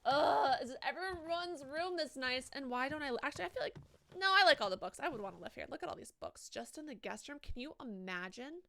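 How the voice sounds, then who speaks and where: Woman streamer, slightly high, bright and crisp; casual, swears a lot, reads chat aloud. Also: very animated, quick pace. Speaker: live streamer. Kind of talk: casual live-stream chat while gaming.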